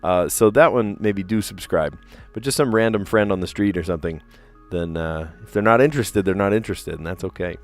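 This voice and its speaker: A man in his thirties, a teacher, chatting casually on his puzzle livestream, relaxed and chatty with lots of fillers and easy laughs. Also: sits low, fairly quick, faint music behind.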